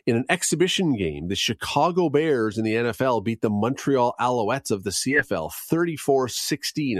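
A man's voice: mid-range voice, no echo, clean studio sound. A man hosting a radio segment, reading news and on-this-day trivia in a casual, chatty way with wry asides. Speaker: radio host.

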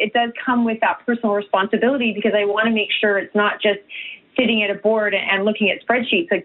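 A woman, a nutritionist guest, answering earnestly with halting restarts and many fillers. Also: mid-range voice. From Canada. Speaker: guest, nutritionist and health coach. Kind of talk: heartfelt interview answers. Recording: tinny phone-like remote line.

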